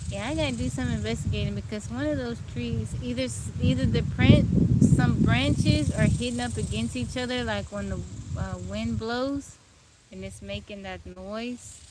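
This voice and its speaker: A woman hosting a casual outdoor livestream, sleepy and relaxed, greeting viewers by name. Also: a little high, normal speed. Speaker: livestream host. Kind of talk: casual live stream chat. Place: outdoors among trees. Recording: outdoor phone stream with bug noise. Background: insects and outdoor ambience.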